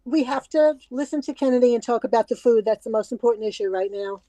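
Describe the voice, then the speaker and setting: Mellow-voiced woman. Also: on the high side, fast talker, no echo, rough recording. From Queens, New York. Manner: emphatic, talks in long runs. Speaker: guest. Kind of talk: casual chat.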